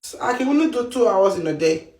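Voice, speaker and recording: A woman's voice: medium pitch, lively intonation, quick pace, a little mellow. A woman from Africa telling a story in a playful, exclaiming casual monologue. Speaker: healthcare worker. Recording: roomy echo.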